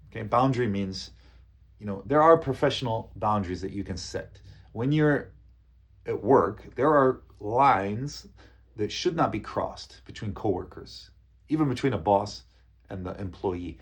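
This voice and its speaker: A man's voice: on the low side, husky. A man teaching business English, patiently repeating key phrases and modeling polite lines aloud. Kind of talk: teaching lesson.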